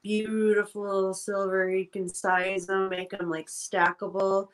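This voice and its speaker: A woman co-hosting a relaxed livestream, speaking in a plain everyday voice. She gushes with enthusiasm, piling one idea on another. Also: medium pitch, slow pace, poor audio. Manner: enthusiastic, gushing. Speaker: co-host. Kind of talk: casual livestream chat.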